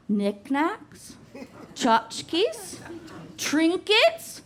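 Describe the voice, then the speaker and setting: A woman's voice: sits high, expressive, slow, noisy background. A woman in her forties performing a stand-up set, profane and self-deprecating, laughing at her own jokes. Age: 40s. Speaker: stand-up comedian. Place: comedy club stage. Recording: live club with loud audience laughter.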